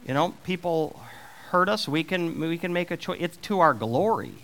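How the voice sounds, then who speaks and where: Man, preacher, sermon, middle-aged, lively delivery, emphatic. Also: on the high side, normal speed, a little hiss or hum. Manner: animated, voicing God's questions with rising emphasis.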